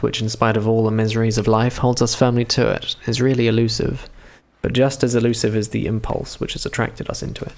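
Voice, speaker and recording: A man's voice: on the low side, gravelly, a little mellow. A man in his twenties streaming himself reading a visual novel aloud, with crude offhand asides. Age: 20s.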